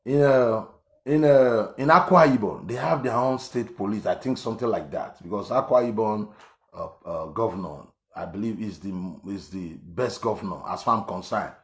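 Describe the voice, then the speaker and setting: A man's voice: on the low side, moderate pace. Emphatic Nigerian man in an echoey room. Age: around 50. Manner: emphatic and repetitive, many fillers and restarts. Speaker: online commentator. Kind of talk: political commentary monologue.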